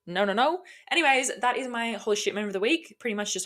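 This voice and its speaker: A woman's voice: mid-range voice, fast talker, a bit bright. A woman hosting her own podcast alone, talking casually and energetically, swearing freely as she gives motivational tough-love advice. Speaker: podcast host. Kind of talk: casual solo podcast talk.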